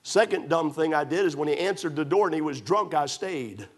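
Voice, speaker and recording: A man's voice: a little high, lively intonation, brisk. A man preaching a sermon, building with emphatic rhetorical questions and storytelling. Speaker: pastor.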